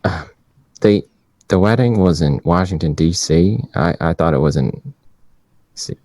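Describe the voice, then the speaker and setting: Male actor as a deep-voiced, dim newlywed guest; slow, earnest, halting delivery. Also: dark tone, no room sound, studio quality. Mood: sheepish. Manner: speaks slowly with halting restarts. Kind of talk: improvised comedy.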